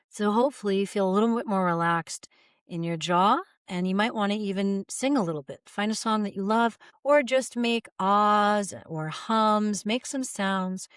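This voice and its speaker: A woman voice coach calmly guiding listeners through relaxation exercises, modeling sighs and open "ah" sounds. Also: mid-range voice, clean tone, no echo, clean studio sound. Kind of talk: guided vocal exercise instruction.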